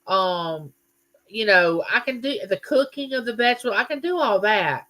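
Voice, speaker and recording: A woman's voice: a little high, expressive, normal speed, pushed and bright. A middle-aged woman, hosting a livestream in a chatty, folksy way and reading viewer comments aloud. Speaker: livestream host. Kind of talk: casual live chat reading viewer comments.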